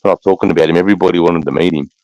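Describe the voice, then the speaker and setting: Australian man, very deep gravelly voice, blunt swearing livestream chat, dry dull sound. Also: fairly even intonation, very fast, warm tone, no room sound. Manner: blunt, swears a lot, calls people mate and bro. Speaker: livestream host, army veteran.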